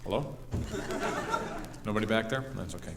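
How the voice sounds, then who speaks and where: A man's voice: fairly low pitch, normal speed, creaky, reverberant. A man performing a live stand-up routine on a comedy club stage, rambling with fillers and working himself into mock anger. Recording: 1970s live vinyl album recording.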